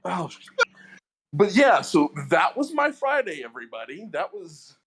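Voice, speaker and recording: A man's voice: sits high, a little slow, crowd noise. A man casually telling a long story about his day at work, stammering now and then as he co-hosts a podcast. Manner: animated storytelling, stammers at starts. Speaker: podcast co-host.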